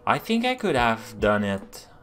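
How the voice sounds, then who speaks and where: A man's voice: mid-range voice, huge pitch swings, unhurried, fairly bright tone, soft background music. A man with a Quebecois French accent, live-streaming as he codes, thinking aloud and answering chat questions with lots of fillers and restarts. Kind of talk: casual live-stream chat while coding.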